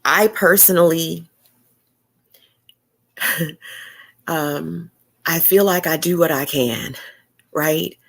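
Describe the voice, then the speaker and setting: A woman's voice: low voice, extremely slow, vocal fry, long pauses, a bit bright. A woman hosting a podcast interview, speaking with heartfelt, faith-filled encouragement. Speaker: podcast host.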